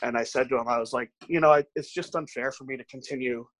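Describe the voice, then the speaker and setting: Speaking quickly at a medium pitch, this man is a bodybuilding coach sharing frank, profane anecdotes on a laid-back podcast, voicing the quoted dialogue himself. The audio is poor, though there's no echo.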